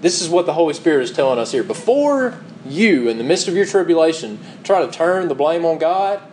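A man's voice: a little high, big pitch swings, fairly quick, darkish tone, a little hiss or hum, rough recording. A man preaching a sermon, reading scripture aloud and asking rhetorical questions with emphatic repetition. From United States.

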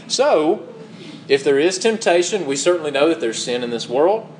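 A man's voice: on the high side, slight background noise, low-quality recording. A man preaching a sermon, reading scripture aloud and asking rhetorical questions with emphatic repetition. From United States.

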